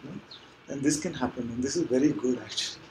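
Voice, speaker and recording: A man teaching at a live spiritual gathering, answering questions gently and patiently, often checking in with little tag questions. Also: mid-range voice, quick pace, slight background noise, low-quality recording.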